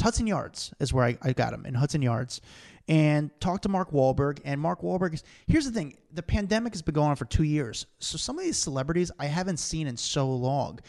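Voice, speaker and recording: Casting: gravelly-voiced man, middle pitch, rambling and animated, casual podcast co-host. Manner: rambling, animated storyteller, slangy. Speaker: podcast co-host, celebrity street interviewer. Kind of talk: casual chat.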